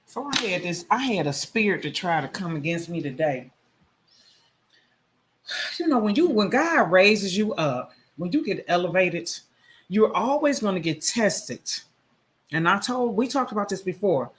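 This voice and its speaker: A man's voice: high-pitched, sing-song, a little slow, a bit bright. A man hosting a casual live stream, talking bluntly and with plenty of profanity, preaching to his viewers. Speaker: livestream host. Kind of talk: casual live-stream talk reacting to a song.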